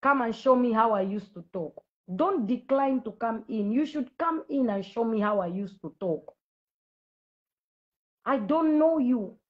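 A Zambian woman with school-age children preaches confrontationally and repetitively to viewers during a live video. Her voice is on the high side with lively intonation, a moderate pace, and hardly any pauses, and the highs are cut off.

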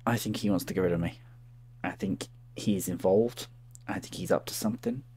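A man's voice: sits low, brisk, darkish tone, breathy edge. A man casually commenting while playing an adventure game at his desk, muttering offhand asides. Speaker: let's play host.

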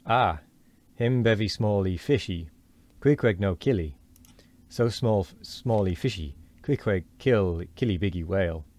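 A man's voice: on the low side, unhurried, a little mellow, lightly acted. A man voicing a proud, tattooed harpooneer who speaks in clipped broken English, read from a storybook. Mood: disdainful. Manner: clipped pidgin speech.

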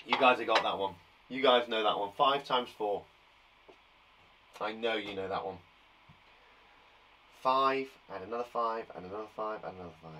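A man's voice: fairly low pitch, moderate pace, pauses often, sharp tone, poor audio. A man from England teaching a live online maths lesson to young children, counting aloud and encouraging them with chatty asides. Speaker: primary school teacher.

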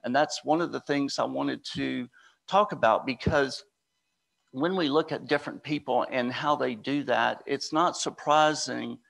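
With a medium-pitched, slightly bright voice marked by vocal fry, an American spiritual speaker gives a casual inspirational talk at a spiritual center. Along the way he slips into telling stories.

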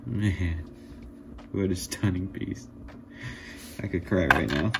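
A man making jewelry, talking casually to his viewers in a vlog, excited and marvelling, laughing often as he shows pieces. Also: deep voice, takes it slowly, very noisy. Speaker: jewelry maker.

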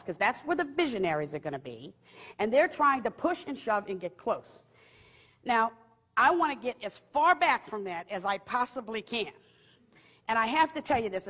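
A husky-voiced woman tells a personal story with lively humor, slipping into the voices of the people in it. Her words ring out with a long reverb, as if she is speaking in a large hall. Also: mid-range voice. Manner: lively, humorous, acts out quotes. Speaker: speaker giving a faith testimony. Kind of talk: storytelling testimony talk.

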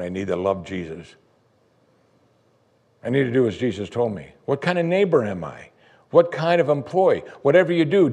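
A man preaching a sermon as pastor, conversational, voicing his listeners' doubts in a higher voice. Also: darkish tone, slightly rough. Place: church sanctuary.

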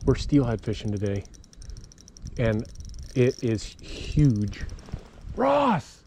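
A man filming himself outdoors on a river while fishing, talking excitedly to his viewers and calling out to a friend. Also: lowish voice, takes it slowly, slight background noise. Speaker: fishing vlogger.

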